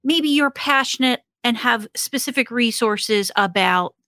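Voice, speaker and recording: Slow, bright-voiced woman coach. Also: a little high, no room sound, clean studio sound. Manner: hesitant, many fillers and restarts, laughs often. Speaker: HR consultant and professional coach. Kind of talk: casual podcast conversation.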